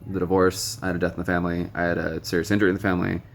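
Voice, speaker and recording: A man's voice: low-pitched, little pitch movement, very fast, vocal fry, slight background noise. A young man vlogging recovery advice in a frank, rambling way with many ums and some blunt swearing. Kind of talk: casual direct-to-camera monologue. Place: noisy room with stray tapping and beeping.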